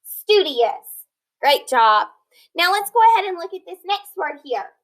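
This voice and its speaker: High-voiced woman teaching phonics slowly. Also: sing-song, poor audio. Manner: slow, deliberate, sounding out word parts; encouraging, checks in with "okay?". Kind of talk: recorded online lesson.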